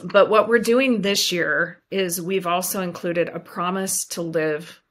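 Bright-voiced woman telling her story. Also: lowish voice, steady tone, measured pace. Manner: earnest, heartfelt, speaks with conviction. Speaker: guest. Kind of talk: emotional personal storytelling.

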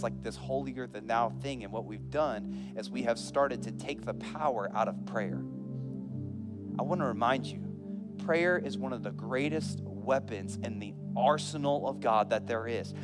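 A male pastor delivering a sermon in a church, swinging from hushed earnest appeals to loud, fervent preaching while a band plays behind him. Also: medium pitch. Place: church sanctuary. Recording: long hall reverb with band music. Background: live band playing.

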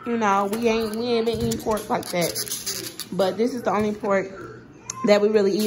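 A woman chatting casually to viewers about her grocery haul, a little sick with a sore throat and runny nose. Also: medium pitch. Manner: chatty, talks straight to viewers, says y'all a lot. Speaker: vlogger.

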